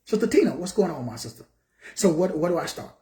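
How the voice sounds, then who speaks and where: A man's voice: fairly high pitch, very animated, quick pace, mellow, echoey room. A man in his sixties from Texas giving a motivational talk in his office, preaching with rhetorical questions and greeting viewers by name. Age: 60s. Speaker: motivational speaker.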